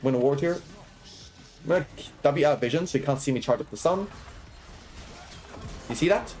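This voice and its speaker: A young man streaming gameplay talks in a slightly high, a little mellow voice while soft music plays. He coaches quickly, breaking down each move, repeatedly checking in with "right?" and "okay?", and laughing and joking with his chat.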